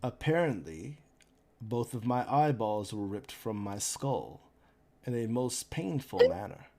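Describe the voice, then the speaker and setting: A man running a tabletop game as game master, narrating scenes in a relaxed, descriptive way. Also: medium pitch, measured pace.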